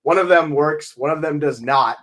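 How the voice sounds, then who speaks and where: A man's voice: fairly high pitch, moderate pace, fairly bright tone. A man co-hosting a fantasy football podcast in casual chat, telling stories animatedly and acting out the people he quotes. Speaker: co-host.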